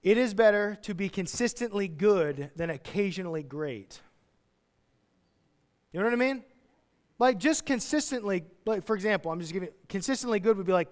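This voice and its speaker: A man preaching a sermon as pastor, chatty and jokey, with sudden loud, excited outbursts. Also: high-pitched.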